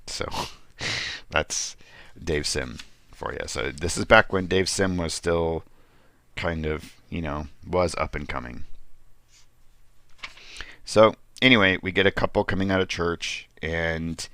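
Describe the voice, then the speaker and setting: A man's voice: low voice, slow, pauses often, pushed and bright, no room sound, studio quality. A man hosting a casual comic book review, talking in a rambling, hesitant way with many ums and restarts.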